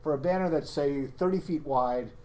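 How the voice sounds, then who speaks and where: A man at a town board meeting, laying out figures in a halting, thinking-aloud way. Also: a little high, darkish tone. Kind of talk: municipal board meeting discussion.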